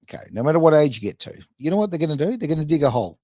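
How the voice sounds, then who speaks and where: A man's voice: on the high side, very animated, rapid-fire, a crowd in the background. A man, hosting a casual podcast chat, talking in a chatty, self-mocking way with lots of fillers. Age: 50s. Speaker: radio podcast host.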